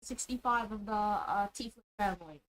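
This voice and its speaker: A woman's voice: mid-range voice, moderate pace, fairly bright tone, low-quality recording. A woman in a casual chat, making playful, teasing quips as she rolls dice. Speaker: co-host rolling dice.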